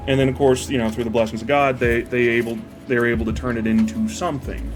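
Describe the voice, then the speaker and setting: A man talks in a loose, rambling way as he works on a build, dropping curse words and drifting off mid-thought. His voice sits at an ordinary middle pitch. Soft music plays faintly behind him. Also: steady tone, brisk. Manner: meandering, profane, easily distracted by the build. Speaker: model builder retelling a parable. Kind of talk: casual rambling chat while building.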